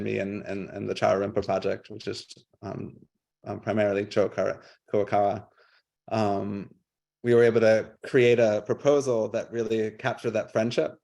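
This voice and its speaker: Gravelly low-voiced man, halting speech. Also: a little mellow. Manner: halting, many fillers and restarts. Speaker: guest artist. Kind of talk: casual presentation on a video call.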